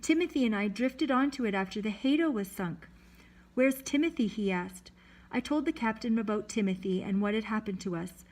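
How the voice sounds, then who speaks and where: A woman reading a novel aloud to listeners, lifting her voice for shouted dialogue. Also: mid-range voice, brisk, rough recording. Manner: lively, lifts voice for shouted dialogue. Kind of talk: read-aloud storytelling.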